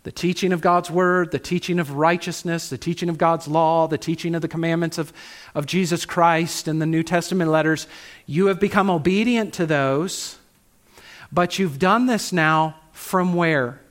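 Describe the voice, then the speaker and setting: A man preaching a sermon, asking rhetorical questions and slowing down to stress key phrases. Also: fairly high pitch. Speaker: pastor.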